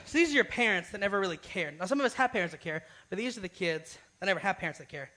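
A man's voice: high-pitched, expressive, rapid-fire, bright, forceful tone, poor audio. A young man giving a casual youth sermon, informal and often asking "right?". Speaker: youth speaker.

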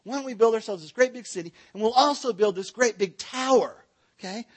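A man's voice: high-pitched, brisk, husky. A man voicing an eager ancient city builder who chummily talks his neighbors into building a great tower. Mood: persuasive.

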